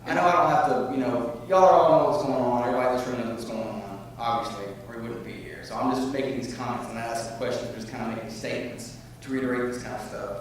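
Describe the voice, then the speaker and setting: A man speaking at a public forum, rambling and growing loud and heated as he makes his comments. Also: medium pitch, steady tone, fast, hardly any pauses, slight background noise. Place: meeting room. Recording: echoey room from far off.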